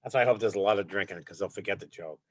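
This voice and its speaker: A chatty comedian guest with a low voice. He talks casually and jokes as he goes, recorded dry with no room sound. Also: rapid-fire, dry recording. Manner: chatty, joking. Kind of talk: casual interview chat.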